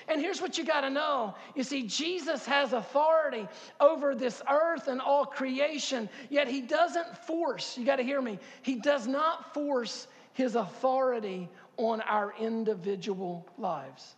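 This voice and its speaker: Fifties male pastor, high-pitched and fervent, sanctuary with long reverb. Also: unhurried. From Harkers Island, North Carolina. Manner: builds to loud impassioned preaching, repeats words, asks the crowd questions. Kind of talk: sermon. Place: church sanctuary.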